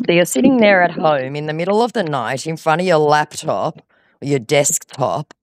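A woman's voice: sits low, expressive, normal speed, dry recording. A woman baiting a scammer on a phone call, sarcastic and patronizing, scolding him. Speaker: scam baiter.

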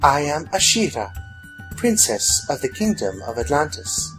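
A man's voice: on the high side, sing-song, measured pace, over loud music, rough recording. A man voicing a young, regal princess from an undersea kingdom who speaks in a formal, stilted way. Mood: earnest.

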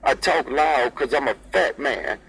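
A man's voice: mid-range voice, measured pace, gravelly, fairly bright tone, husky, rough recording. A man chatting over CB radio in a sing-song, repetitive rhythm, repeating call signs and friendly sign-offs. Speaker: CB radio operator. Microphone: CB radio handset.

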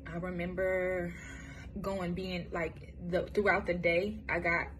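This young woman from Michigan, USA, relates her life story in a casual, profane, blunt way, frequently breaking off and beginning again. Her voice is fairly low and a bit bright, her delivery is flat, and there's a little hiss or hum.

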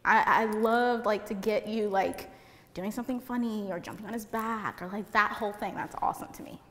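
Loud chatty woman speaking in a reverberant hall. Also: mid-range voice, fairly even intonation, brisk. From Puerto Rico. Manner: chatty, lots of "like". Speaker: seminar speaker. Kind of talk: seminar talk to photographers. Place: seminar room with an audience. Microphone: handheld mic.

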